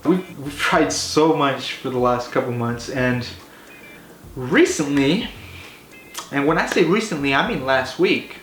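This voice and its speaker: A man telling a comedy story in an animated, rambling way, swearing often and filling his talk with "like" and "you know". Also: medium pitch, measured pace. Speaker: comedy vlogger. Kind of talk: casual profane storytelling. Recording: echoey room with faint hiss.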